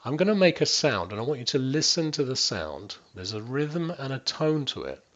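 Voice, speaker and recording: Male wellbeing coach, mid-pitched, leading a guided exercise; direct, checks in often, slows and hushes to demonstrate; slightly dull lo-fi sound. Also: sing-song. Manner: instructive, addressing listeners directly, checking in often; drops to near-whispers and slows down to demonstrate. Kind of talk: guided stress-management exercise.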